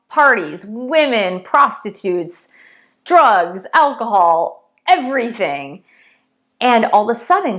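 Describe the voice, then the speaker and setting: A woman speaking with earnest conviction as she teaches a spiritual lesson. Her pitch sits in an ordinary middle range. She repeats words for emphasis as she tells a story. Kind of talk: spiritual teaching with parable retelling.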